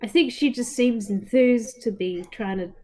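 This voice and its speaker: A woman playing a tabletop game, talking hesitantly with many pauses and ums. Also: a little high, darkish tone. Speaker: player.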